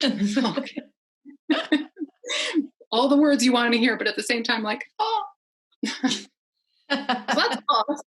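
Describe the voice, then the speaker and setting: A middle-aged woman chatting as a podcast guest, rambling warmly and laughing often. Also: on the high side, takes it slowly, pauses often, slightly rough, rough recording. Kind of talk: casual conversation.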